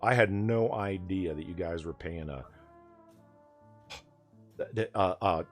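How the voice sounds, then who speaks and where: A man from the United States hosting a casual late-night chat stream, talking in an animated, profane, ranting way. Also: low-pitched, slow, soft background music. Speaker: stream host.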